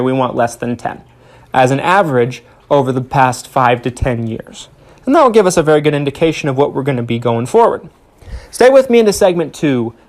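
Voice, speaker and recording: Earnest man hosting an insurance podcast. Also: on the high side. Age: young adult. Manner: earnest, emphatic, addresses listeners as folks, repeats words when restarting. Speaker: podcast host, Medicare insurance agent. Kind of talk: solo podcast talk.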